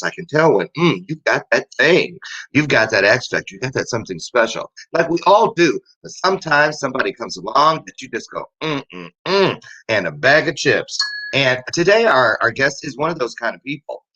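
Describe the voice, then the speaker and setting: A man over fifty talks loosely as a show host, drifting through stories and chuckling at himself. His voice has a bright, forward edge at an ordinary pitch. The recording sounds dull and lo-fi. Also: very animated, normal speed. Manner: rambling, joking, laughs often. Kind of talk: casual chat show monologue.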